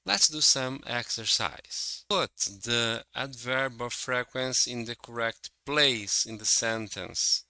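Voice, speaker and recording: Male English teacher, very slow and careful, bright forceful tone, walks through examples. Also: medium pitch, clear, resonant tone, no room sound, poor audio. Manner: slow, careful and explanatory, reading out example sentences. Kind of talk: slow, deliberate grammar lesson.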